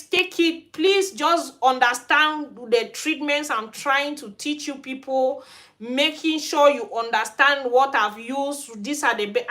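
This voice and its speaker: A woman's voice: high voice, pushed and bright. A woman from Cameroon with a Cameroonian accent, talking frankly on a livestream as host of her hair care channel. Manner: frank, ranting. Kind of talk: livestream chat. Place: Sweden.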